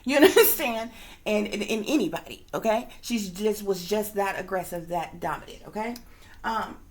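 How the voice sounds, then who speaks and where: A woman, a psychic reader, telling a long story to her viewers in a rambling, emphatic way, swearing freely and sometimes dropping to a hushed whisper. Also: mid-range voice, expressive, moderate pace. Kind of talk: casual storytelling monologue to viewers.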